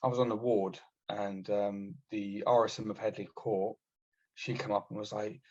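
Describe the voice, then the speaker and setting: A man's voice: lowish voice, little pitch movement, moderate pace, a little mellow. Blunt, sweary man, muffled sound. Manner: sweary, blunt anecdotes with many fillers. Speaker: guest, army veteran. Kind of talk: casual storytelling. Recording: dull, muffled audio.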